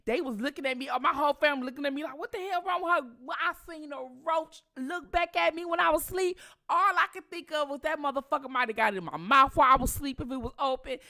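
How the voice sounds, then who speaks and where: A middle-aged woman, telling a story to her viewers in a profane, animated way. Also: sits high, gravelly. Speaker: channel host.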